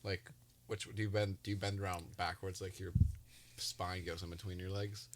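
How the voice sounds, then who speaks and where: A man's voice: deep voice, level tone, moderate pace. A young man joking and swearing with friends on a casual podcast. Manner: banters, swears, laughs often. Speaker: podcast co-host.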